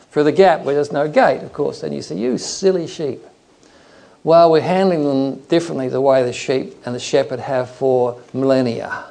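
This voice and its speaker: A man's voice: on the high side, a little mellow. A middle-aged man preaching a sermon, telling stories and acting out animal noises and other voices. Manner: storytelling, acts out animal sounds and voices. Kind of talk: sermon with anecdotes.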